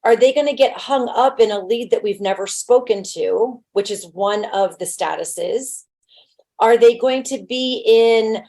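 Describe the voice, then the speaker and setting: A woman's voice: a little high, lively intonation, a little slow, a little mellow. A woman who works as a real estate agent, giving a casual webinar talk in a blunt, conversational way and using homely everyday examples.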